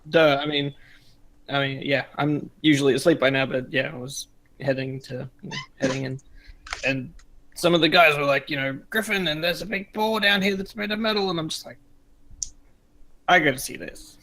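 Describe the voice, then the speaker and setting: A hesitant man faking his way past a guard, as a player acts him out, stumbling over his excuses. His voice sits fairly high, and he keeps restarting his sentences. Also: normal speed, long pauses, a bit bright. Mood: bluffing. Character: bluffing man posing as a guard.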